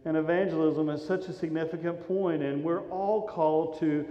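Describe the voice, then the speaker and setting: A man, preaching a sermon in a conversational, animated storytelling way. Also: fairly high pitch, moderate pace. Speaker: pastor. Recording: roomy, reverberant, dull sound from a hall.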